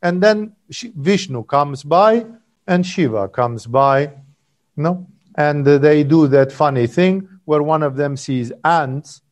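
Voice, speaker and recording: A man giving a satsang talk as a spiritual teacher, telling a story in a rambling, digressive way and checking in with "no?" and "you know". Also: medium pitch.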